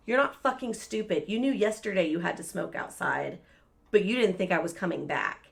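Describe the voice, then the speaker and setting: Profane woman telling a story, gravelly. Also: medium pitch, moderate pace. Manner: profane, animated, acts out quoted voices. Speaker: podcast co-host. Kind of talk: casual storytelling chat.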